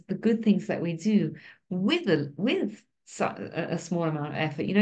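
A woman's voice: medium pitch, darkish tone. Woman teaching, chatty with many "right?"s. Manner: conversational, keeps asking "right?". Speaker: Torah teacher. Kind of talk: informal class talk.

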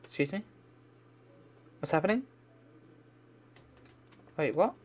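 A man's voice: a little high, expressive, slow, husky. A man doing game commentary, talking to himself and swearing in frustration as he plays. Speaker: let's play gamer.

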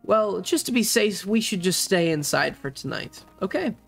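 A man puts on a playful father figure who loves to boast and tease his family. His voice rides a little higher than usual and sounds light and fond. Music plays faintly behind him. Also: lively intonation, normal speed, vocal fry, fairly bright tone, exaggerated voice. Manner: boastful, affectionate, upbeat. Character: doting playful middle-aged human father. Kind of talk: tabletop role-play voicing.

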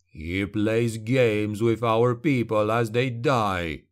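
A man voicing an angry, deep-voiced male village blacksmith who growls slowly and heavily. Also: smooth. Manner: growling, slow and heavy.

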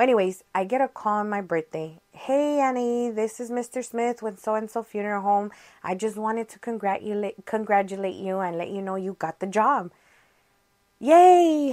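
A young woman tells a personal story on her podcast, in a loose, chatty way. Her voice sits a little low for a woman. She acts out the other people's lines as she goes. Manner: chatty, animated, acts out quoted dialogue. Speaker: podcast host. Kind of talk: casual storytelling.

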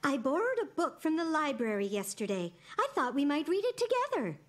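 A gentle old cartoon grandmother, soft and encouraging, with a high, lilting voice. Quiet music plays behind her. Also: very animated, a little fast. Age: older.

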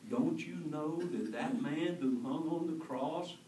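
A man's voice: a little high, slow pace, hardly any pauses, warm tone, slight background noise. A male pastor preaching an earnest, conversational sermon, asking his congregation questions. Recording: echoey church from far off.

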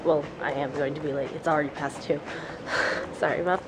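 A young woman chatting excitedly as she walks and narrates her travel vlog outdoors, recorded on a handheld camera. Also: low voice, brisk. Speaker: vlogger. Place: city streets and gardens outdoors. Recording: handheld camera outdoors with loud street noise.

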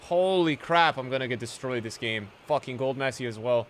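A young adult man giving live commentary over his own video game matches, excitable, jumping from loud yelps to low muttering. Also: moderate pace, a little hiss or hum. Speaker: gaming video creator.

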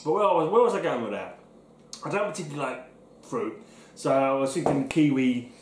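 A man's voice: medium pitch, animated, a little fast, a little mellow, roomy sound, a little hiss or hum. A man co-hosting a casual beer tasting podcast, bantering with crude jokes. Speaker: podcast co-host.

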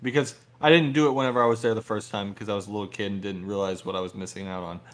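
A young man from Texas co-hosting a casual podcast, talking in a relaxed, rambling way. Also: lowish voice, racing. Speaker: podcast co-host. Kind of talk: casual chat.

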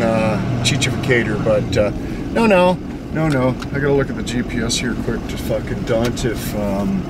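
A man vlogging from behind the wheel, joking and swearing constantly in slangy talk. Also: medium pitch. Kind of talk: casual driving vlog. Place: inside a moving car. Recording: car road noise.

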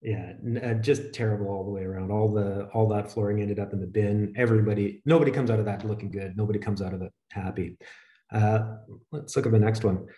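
A man presenting a webinar, walking through slides in a steady, conversational, explanatory way. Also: fairly low pitch, brisk, roomy sound.

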